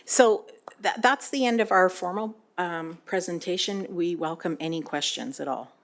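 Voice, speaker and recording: A woman with a notably low voice gives a board update at a council meeting. She speaks hesitantly, pausing with frequent fillers as she works through her points. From Canada. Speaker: board chair presenting to council.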